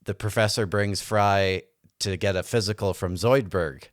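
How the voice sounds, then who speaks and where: A man's voice: on the low side, steady tone, normal speed, smooth, dry recording, studio quality. A man hosting a casual interview, asking earnest, hesitant questions. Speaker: podcast host.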